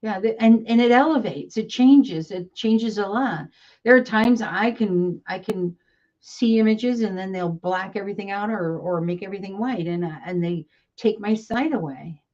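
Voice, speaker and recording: A woman working as a psychic medium, explaining her experiences calmly and in a measured way during a casual live conversation. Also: medium pitch, highs cut off.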